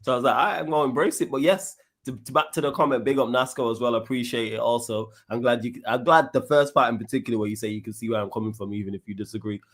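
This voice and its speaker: Rapid, animated male co-host, casual football chat. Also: medium pitch. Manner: fast, animated, talks over others.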